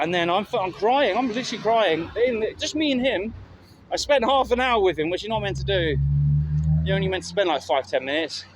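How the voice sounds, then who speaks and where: A middle-aged man tells a rambling, candid story, swearing casually. His voice sits a little high. He records on a phone by a road, with faint traffic behind him. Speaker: vlogger. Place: outdoors by a road with passing traffic. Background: faint traffic and street sounds.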